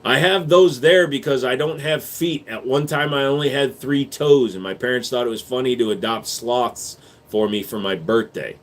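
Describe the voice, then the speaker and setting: Male streamer taking chat questions: blunt, profane, bantering, quick with answers, sarcastic when pushed. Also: mid-range voice. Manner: reads viewer questions aloud, then answers quickly; turns loud and sarcastic when arguing. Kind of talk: casual live-stream chat.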